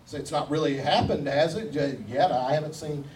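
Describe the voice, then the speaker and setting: A high-pitched man preaches a sermon, pressing his point with rhetorical questions and repeated phrases, with a folksy joke now and then. He sounds set back from the mic, with a faint hum of background noise. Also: normal speed, darkish tone, recorded from a distance, low-quality recording. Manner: emphatic, rhetorical questions and repetition; folksy humor.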